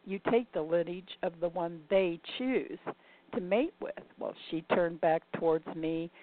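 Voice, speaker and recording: An older woman telling a reflective story and posing rhetorical questions to the listener. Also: deep voice. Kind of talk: reflective spoken monologue. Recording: dry, tinny phone-like sound.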